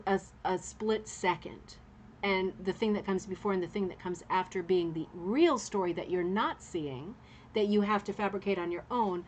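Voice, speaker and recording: Woman host thinking out loud about art pieces, chatty, mid pitch, little bit of hum behind. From Canada. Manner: chatty and musing, thinks aloud, reads viewer comments. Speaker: host of a rug hooking club show. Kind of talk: casual live-stream art commentary.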